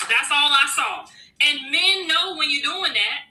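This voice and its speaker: Woman lecturing in a clip, very bright sharp voice, sounds far off in a roomy space. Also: sits high, unhurried. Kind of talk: casual commentary.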